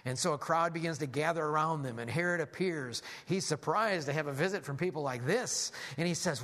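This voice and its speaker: A man preaching a sermon as a lively story, animated, with frequent restarts. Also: on the high side, brisk, hardly any pauses.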